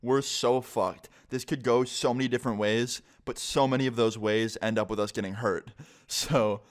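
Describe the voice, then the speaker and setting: A man's voice: medium pitch, steady tone. A young man telling a story on his vlog in a casual, rambling way, full of fillers. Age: young adult. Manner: casual, fast-flowing storytelling with many fillers. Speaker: vlogger.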